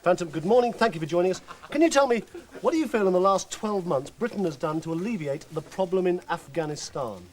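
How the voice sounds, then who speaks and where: A man presenting a mock political interview on live children's TV, deadpan and mock-serious. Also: high voice, quick pace, hardly any pauses, slight background noise. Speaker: comedy presenter.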